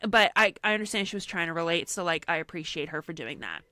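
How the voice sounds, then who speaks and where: A young woman with a bright, forceful voice tells a story in casual podcast chat, slipping into quoted voices as she goes. Her sound is dry and close, with no room around it. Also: lowish voice, fast, no room sound. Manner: animated storyteller acting out quotes, frequent "like". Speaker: podcast co-host.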